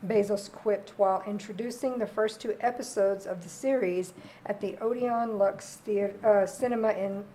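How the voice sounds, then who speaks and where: A woman's voice: mid-range voice, fairly even intonation, normal speed, warm tone, slight background noise, low-quality recording. A woman co-host reading a short news item aloud during a casual chat show.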